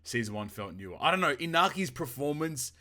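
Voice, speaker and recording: Young male co-host, bright voice, animated storyteller who swears casually. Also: on the high side, fairly quick. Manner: animated storyteller, acts out quotes, laughs often, swears. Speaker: podcast co-host. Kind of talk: casual chat.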